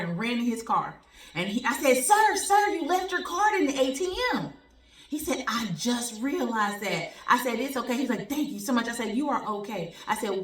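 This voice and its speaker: A woman hosting her own motivational show, telling stories in an animated, preachy way and repeating phrases for emphasis. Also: on the high side. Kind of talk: motivational talk and storytelling. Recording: echoey room, distant from the mic.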